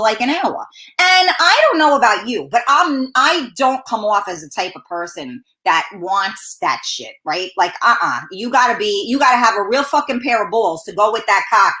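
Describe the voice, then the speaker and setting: A high-pitched woman talk-show host rants in a blunt, profanity-laced monologue. Her bright voice swings widely in pitch. The recording has a roomy echo.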